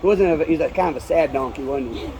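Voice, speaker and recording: At an outdoor fair, a folk musician and storyteller tells corny old jokes in a folksy manner, chuckling at his own punchlines, and sings with guitar playing behind him. His voice is fairly high, quick and warm. The recording is rough, with a little hiss or hum.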